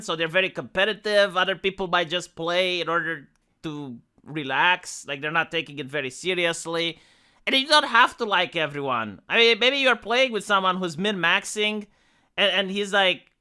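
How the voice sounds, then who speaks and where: A man's voice: high voice, pushed and bright, clear, resonant tone. A young man ranting sarcastically in a profane, heated commentary video. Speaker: YouTube commentator.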